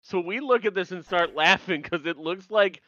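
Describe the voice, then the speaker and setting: A man's voice: sits high, moderate pace, bright, forceful tone, dry recording, highs cut off. A young man co-hosting a casual TV recap podcast, laughing and swearing as he explains scenes. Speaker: podcast co-host.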